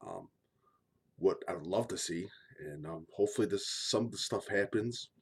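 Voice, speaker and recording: In an opinion monologue, a former high school line coach talks bluntly and repetitively, pleading and swearing casually. His voice is husky and moves at normal speed.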